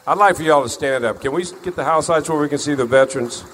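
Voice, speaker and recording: A man's voice: a little high, fast talker, fairly bright tone, slight background noise. A man, a singer telling folksy, joking stories to a crowd between songs. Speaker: country-style singer performing on stage. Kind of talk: stage storytelling between songs. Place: concert venue with house lights. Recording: long reverb of a concert hall.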